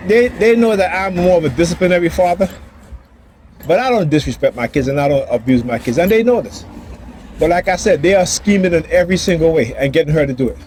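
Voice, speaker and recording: Brief: agitated father on a phone vlog, voice a little high, faint street noise. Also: a little mellow. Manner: agitated, repetitive, acts out quoted dialogue. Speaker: father vlogger. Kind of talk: ranting personal vlog. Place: outdoors near a building and street traffic.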